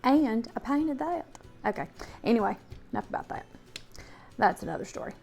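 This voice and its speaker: Cooking at home for her audience, a Southern American host chats in a warm, casual way and keeps checking in with viewers. Her voice is on the high side, creaky and darkish, with lively intonation at a moderate pace.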